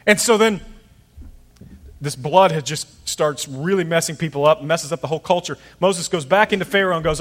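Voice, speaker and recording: A middle-aged pastor preaches a sermon in a conversational, storytelling way, acting out the voices of the people in his stories. His voice is a little high and a bit bright, and he speaks at normal speed. A long reverb tail trails his words.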